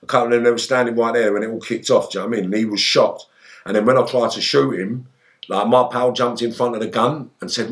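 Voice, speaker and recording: A man's voice: medium pitch, quick pace. A man telling stories in a casual interview, swearing a lot and acting out his own outbursts. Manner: animated storyteller, shouting out quoted outbursts, heavy swearing. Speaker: interview guest, former gangster.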